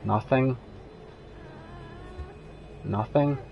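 A man's voice: medium pitch, extremely slow, gravelly, muffled recording, music in the background. Jumpy, swearing young man gamer. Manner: profane, jumpy, muttering and yelping with fear. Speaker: gamer streaming a horror game. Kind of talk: frightened live gameplay commentary.

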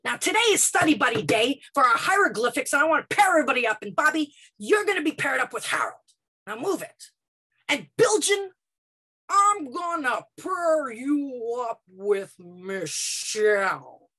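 A brisk middle-aged schoolteacher addresses her class in a raised, high voice, as a woman storyteller puts her on. She is commanding and to the point. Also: big pitch swings, sharp tone, breathy edge, full character voice.

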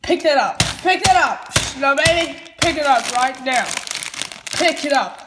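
Lady doing a fed-up mom barking orders, slow n firm. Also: sits high, lively intonation, echoey room, background noise. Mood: scolding. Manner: firm, scolding, giving orders. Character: stern exasperated mother. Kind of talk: fan parody voice acting.

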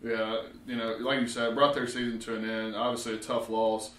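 A man co-hosting a local sports show, breaking down high school football with lots of filler words. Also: flat delivery, a little fast, fairly bright tone. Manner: rambling, many "you know" fillers. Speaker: sports reporter co-host. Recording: roomy echo.

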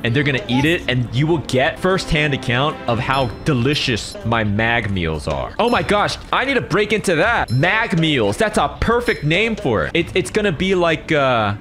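A male streamer chatting casually and goofily with his viewers, rambling excitedly. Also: mid-range voice.

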